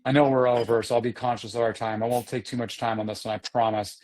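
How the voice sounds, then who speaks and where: A man's voice: medium pitch, little pitch movement, fast talker, darkish tone, soft background music. A man from the Boston area, co-hosting a podcast in casual chat, easygoing and self-deprecating. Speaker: podcast co-host.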